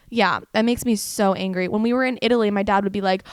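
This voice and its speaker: A chatty young American woman hosting her own podcast, her voice at a middle pitch. She reads facts aloud and trips over words with little giggles. The sound is dry and close. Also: fast talker, hardly any pauses, no echo. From United States. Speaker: podcast host. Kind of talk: casual solo podcast chat.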